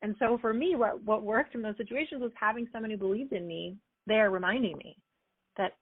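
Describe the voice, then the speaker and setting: A woman's voice: mid-range voice, a little fast, slightly rough, no room sound. Chatty woman coach on a thin call line. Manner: energetic, chatty, acts out little quoted exchanges. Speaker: performance coach, guest. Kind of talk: conversational interview answers. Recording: dry, phone-like remote call audio.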